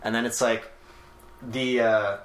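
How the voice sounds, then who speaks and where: A man's voice: mid-range voice, level tone, slow. A young man in a casual chat with friends, rambling through explanations with lots of filler words.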